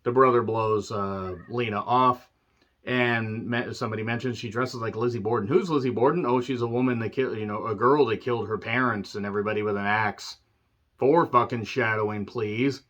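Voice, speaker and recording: A man ranting through a movie recap, sarcastic and profane, often clearing his throat. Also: lowish voice, moderate pace, fairly bright tone, dull audio. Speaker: movie reviewer.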